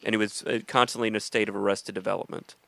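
A man's voice: lowish voice, flat delivery, racing, gravelly, bright, forceful tone, no room sound. An American man co-hosting a podcast, chatting casually in a rambling, easygoing way, laughing often. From United States. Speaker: podcast co-host. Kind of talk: casual chat. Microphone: studio mic at a soundboard.

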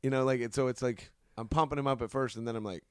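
A young man in casual podcast chat, telling lively anecdotes and slipping into quick put-on voices. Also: medium pitch, smooth, no echo, clean studio sound. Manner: animated storyteller, puts on voices in anecdotes.

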